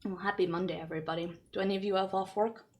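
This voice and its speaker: A woman's voice: medium pitch, steady tone, racing. A woman streamer reading a light novel aloud and chatting with her viewers, laughing often.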